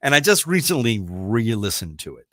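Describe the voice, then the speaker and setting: A man's voice: medium pitch, sing-song, normal speed, fairly bright tone, no echo, studio quality. A middle-aged man hosting a radio talk show, chatting casually and rambling with enthusiasm, full of fillers and restarts. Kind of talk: casual chat.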